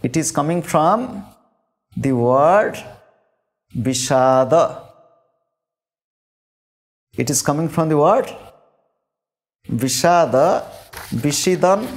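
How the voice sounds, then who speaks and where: A man giving a scripture discourse as a spiritual teacher, speaking deliberately and repeating key phrases for emphasis. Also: fairly high pitch. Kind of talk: sermon-style scripture discourse.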